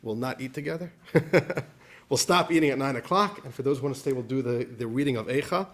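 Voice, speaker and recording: A man, a rabbi, teaching a class in an animated storytelling manner, dropping in Yiddish words. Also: mid-range voice, brisk.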